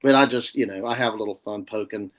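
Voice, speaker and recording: A man hosting a casual podcast chat, teasing his friend and pausing on drawn-out fillers. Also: fairly low pitch, a crowd in the background. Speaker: podcast host.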